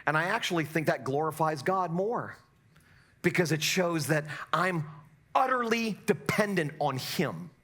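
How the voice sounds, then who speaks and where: A middle-aged man preaches from a church pulpit with a bright, forceful tone sitting a little high for a man. He drops to quiet asides, then climbs into loud, impassioned exhortation. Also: lively intonation, measured pace. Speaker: pastor. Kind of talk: sermon.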